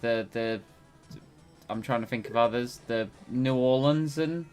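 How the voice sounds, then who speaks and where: A man with an English accent chatting casually while streaming a game, animated and quick to laugh. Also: medium pitch, clean tone, soft background music.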